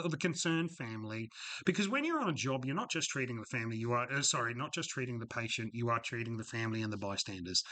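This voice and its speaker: Frank, bright-voiced Australian man telling stories. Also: medium pitch. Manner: frank, rambling, with many fillers and restarts. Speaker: retired paramedic telling stories. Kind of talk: casual podcast storytelling.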